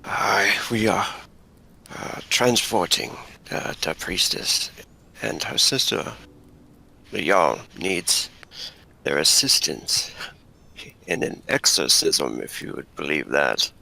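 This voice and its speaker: A man's voice: sits low, expressive, slow, gravelly, pauses often, pushed and bright, pitched below the performer's own voice, heavily acted. A man voicing a hearty male hunter who greets and explains plainly. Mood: matter-of-fact.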